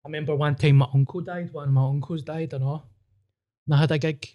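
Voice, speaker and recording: A man's voice: a little high, fairly even intonation, fast talker, warm tone. A Glaswegian man, a stand-up comedian hosting a podcast, chatting casually, bluntly and with self-mocking swearing. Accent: Glaswegian Scottish.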